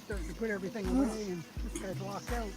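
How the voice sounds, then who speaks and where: A woman's voice: medium pitch, fast talker, a little mellow, breathy edge, soft background music. A woman in a casual chat, mostly giving brief reactions and short remarks. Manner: brief reactions and laughter, listening.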